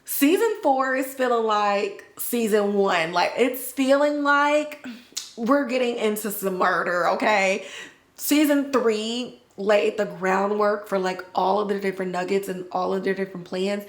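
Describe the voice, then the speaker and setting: A woman's voice: mid-range voice, measured pace. A woman hosting a podcast, recapping a TV episode in casual slangy chat and acting out the characters' lines. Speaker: podcast host. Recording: roomy echo.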